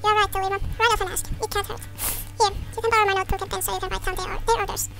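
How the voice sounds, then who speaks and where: A woman doing a squeaky, fretful village woman. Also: little pitch movement, rapid-fire, vocal fry, sharp tone, full character voice. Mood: grudging. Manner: reads game dialogue aloud in a squeaky voice. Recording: game music underneath.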